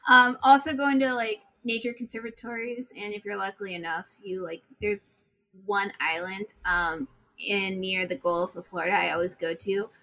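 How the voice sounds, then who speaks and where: Woman player, bright tone, rambling and hesitant. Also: mid-range voice, flat delivery, moderate pace, rough recording. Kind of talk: casual tabletop banter.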